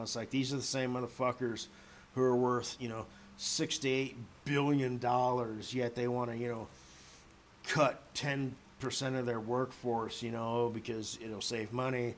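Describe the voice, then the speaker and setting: A man ranting on his own in a loose, profane, rambling way, full of fillers, with faint noise behind him. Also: mid-range voice. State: a little drunk. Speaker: vlogger. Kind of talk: rambling audio rant.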